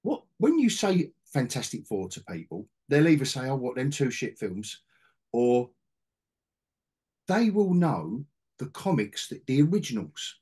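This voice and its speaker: A man's voice: medium pitch, wildly swooping pitch, a little slow, mellow, slightly rough. A middle-aged man hosting a casual podcast chat about comics, rambling with restarts and asides. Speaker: podcast host, comic collector.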